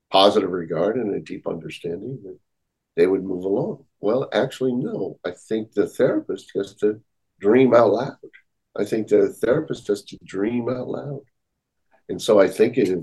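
Low, slightly husky male therapist guest; earnest, reflective, repeats key phrases. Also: a little mellow, low-quality recording. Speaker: therapist and author, podcast guest. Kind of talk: conversational interview.

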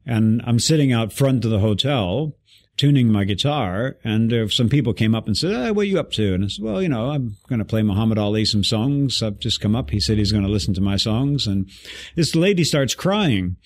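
A man guest telling an animated story in an interview, acting out the voices of people he quotes. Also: lowish voice, normal speed.

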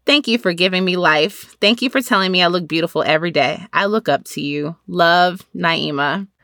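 A woman co-hosting a casual chat show, telling an animated story about her daughter and acting out the lines she quotes. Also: on the low side, normal speed, dry recording, studio quality. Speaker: podcast co-host.

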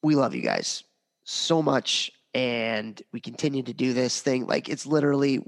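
A man in his thirties co-hosting a podcast, upbeat and grateful, talking casually with lots of ums, his voice a bit hoarse. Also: mid-range voice, normal speed. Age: 30s. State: hoarse, voice strained. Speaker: podcast co-host.

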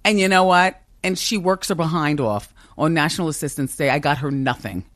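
A woman's voice: low voice, fairly quick, dry recording, clean studio sound. A woman in her fifties with a strong, commanding voice, talking candidly and emphatically in an interview, often laughing. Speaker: talk show host as podcast guest. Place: office with a kitchen upstairs.

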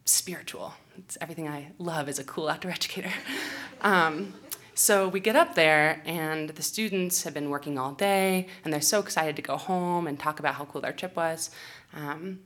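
Animated young woman telling a story. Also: low voice. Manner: animated, self-mocking, laughing often. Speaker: outdoor educator. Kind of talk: storytelling talk on stage. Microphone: handheld or stage microphone.

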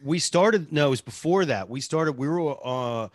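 A man, a radio show producer, telling animated stories in casual interview chat and laughing often. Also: on the high side, moderate pace, dry recording, clean studio sound.

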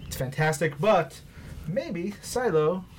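A man's voice: high voice, animated, slow pace, slight background noise. A man co-hosting a podcast, loosely recapping comics in a chatty, joking way with lots of fillers. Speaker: podcast co-host. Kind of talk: casual comic book review chat.

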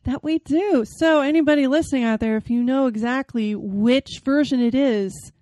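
A woman's voice: sits high, moderate pace, warm tone, dry recording. A woman hosting a podcast, chatting casually and reading a novel passage aloud with dramatic expression. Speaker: podcast host.

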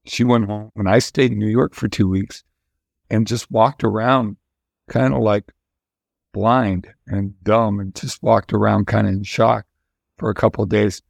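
A man's voice: on the low side, gravelly, dry recording, clean studio sound. An older man, a musician guest, telling long candid stories in a casual interview, rambling with restarts.

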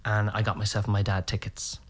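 A middle-aged Irish man chatting casually as a podcast guest, telling lively anecdotes and acting out the voices of people in them. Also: on the low side, a little fast. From Ireland. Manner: animated, acts out voices in anecdotes. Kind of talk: casual storytelling chat.

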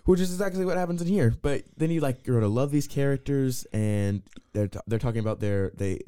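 Mellow, smooth-voiced young man rambling. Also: medium pitch, brisk, no room sound. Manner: rambling, restarts often, playful banter. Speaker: podcast co-host. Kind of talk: casual movie review chat.

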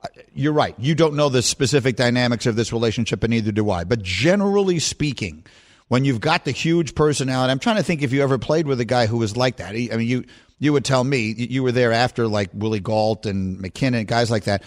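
A man hosting a sports radio show, chatty and quick to laugh as he asks his guest questions. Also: medium pitch.

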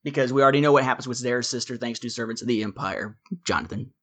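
A man on a casual podcast panel, joking with quick asides. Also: mid-range voice, steady tone, a bit bright.

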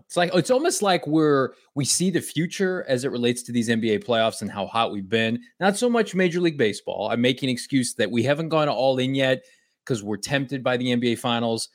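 A man's voice: mid-range voice, expressive, a little fast, no echo, clean studio sound. A man co-hosting a sports betting show, chatting in a brash, boastful way with some swearing. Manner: brash, profane, boastful banter. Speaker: co-host. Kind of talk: casual sports betting chat.

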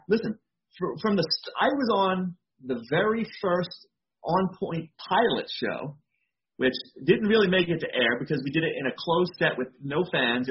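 Male wrestler guest, higher pitch, loose chatty delivery, faint background noise. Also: lo-fi sound. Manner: rambling, fillers of "you know". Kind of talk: casual interview talk.

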